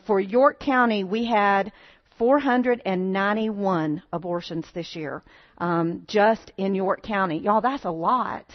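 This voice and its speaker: A woman's voice: mid-range voice, dry recording, lo-fi sound. A woman speaking to a church congregation, earnest and folksy, rallying her listeners with questions and appeals. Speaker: pregnancy center speaker at a church. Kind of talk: church talk with slides. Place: church sanctuary.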